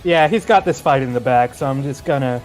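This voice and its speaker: A man's voice: mid-range voice, a little fast, faint music behind. A young man as a player in a tabletop game, talking casually with hesitations. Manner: hesitant, filler-heavy.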